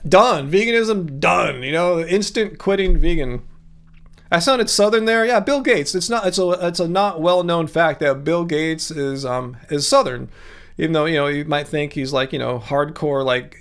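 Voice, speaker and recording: Sarcastic high-voiced livestream host. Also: male voice, normal speed, clear, resonant tone. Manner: sarcastic, deadpan mock agreement. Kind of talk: casual livestream chat.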